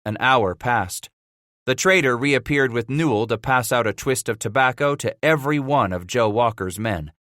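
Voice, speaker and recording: A man reads a western audiobook in a steady, measured way. His voice is bright and crisp. The recording is dry and close. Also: mid-range voice, no echo. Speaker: audiobook narrator. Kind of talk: scripted audiobook narration.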